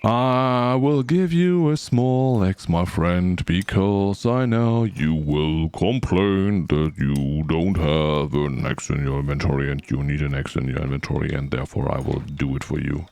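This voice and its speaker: Slow, gravelly deep-voiced male streamer. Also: fairly even intonation, warm tone, dry recording. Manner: chatty, talks to game characters, sings little sound effects. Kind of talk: casual gameplay commentary.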